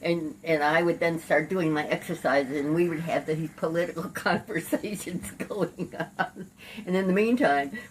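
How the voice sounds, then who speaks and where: An older woman, a lawyer and activist, recounting her life in an oral history interview, lively and salty, acting out the people in her stories. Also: sits low, normal speed, recorded from a distance, a little hiss or hum, poor audio. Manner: lively raconteur, laughs and curses while acting out scenes.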